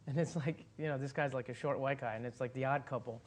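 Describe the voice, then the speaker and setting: A man of middle pitch tells a story at a Q&A, all loose and animated, full of fillers and restarts. He breaks into laughter partway through his sentences and keeps winding back to his point. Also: fast. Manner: laughs as he talks. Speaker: actor guest. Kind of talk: casual anecdote at a Q&A.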